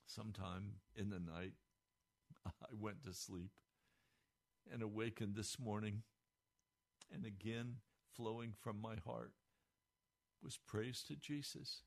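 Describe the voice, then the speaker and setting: A man giving a radio devotional, speaking fervently, his pitch climbing when moved, recorded in a radio studio. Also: slow, gravelly, long pauses. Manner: fervent, rising pitch with emotion. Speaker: radio preacher.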